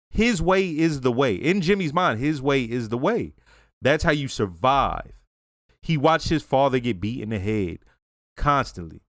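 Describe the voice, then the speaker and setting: A man's voice: a little high, a bit bright, dry recording, clean studio sound. A man hosting a reaction video, casually reviewing a TV episode in a loose, profane, conversational way.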